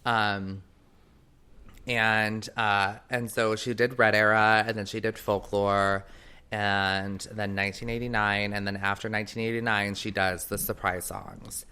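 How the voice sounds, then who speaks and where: Male podcast co-host, casual and excitable, rambling storyteller, clear bright voice. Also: fairly low pitch, a little slow. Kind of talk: casual chat.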